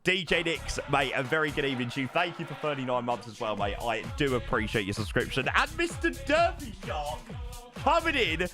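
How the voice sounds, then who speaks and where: Excitable guy on a flight sim stream, kinda high voice, keeps saying mate and thanking subs. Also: brisk, over music. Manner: chatty and excitable, thanks subscribers, calls people mate. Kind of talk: live stream chat while flying.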